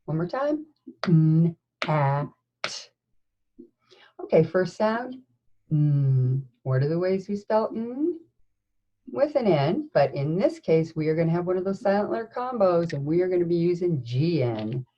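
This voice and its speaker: A woman teacher leading a slow, encouraging phonics lesson, sounding out words letter by letter. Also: on the low side, very animated, warm tone, muffled recording. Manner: encouraging, with praise and questions. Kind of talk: recorded classroom phonics lesson.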